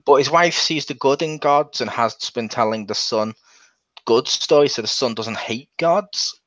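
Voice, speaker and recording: A man's voice: medium pitch, measured pace, a bit bright, no echo. A man hosting a casual game review, rambling along and restarting his sentences. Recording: dull lo-fi.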